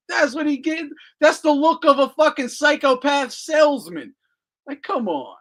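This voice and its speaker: Lively high-voiced mocking man. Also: moderate pace. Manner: profane, laughs often, mocking. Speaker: host. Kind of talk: casual live commentary.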